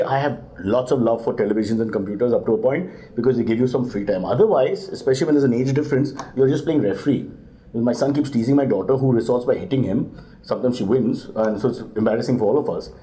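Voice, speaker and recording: Brisk middle-aged comedian guest, deadpan delivery, warm low timbre. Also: male voice. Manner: deadpan comic asides, jumps to high mock voices. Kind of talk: comic chat answering parenting questions.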